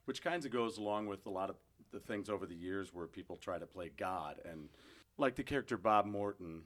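A man with a low voice co-hosting a podcast in easygoing chat. He is relaxed and agreeable, often affirming with short replies. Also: brisk. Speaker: podcast co-host. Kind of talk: casual chat.

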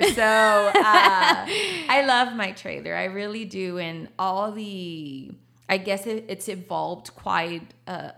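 A woman's voice: medium pitch, gravelly, fairly bright tone. A woman, a coffee shop owner talking casually in an interview, laughing often and slipping into Spanish. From Texas.

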